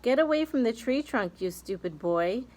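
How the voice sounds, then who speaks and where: A woman reading aloud, voicing a bossy, scolding older aunt who shouts her lines. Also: a little high, expressive, measured pace. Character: shrill bossy skinny old aunt.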